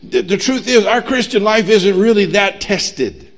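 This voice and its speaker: A middle-aged man preaching a sermon as pastor, emphatic and humorous, swinging between loud pushes and quiet asides. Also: high voice, measured pace. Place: church sanctuary.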